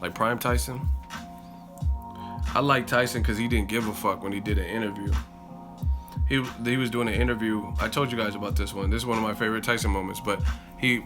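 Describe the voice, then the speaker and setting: A man hosting a boxing live stream, telling stories in a loose, profane, animated way and reading out donations. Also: lowish voice. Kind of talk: casual livestream chat.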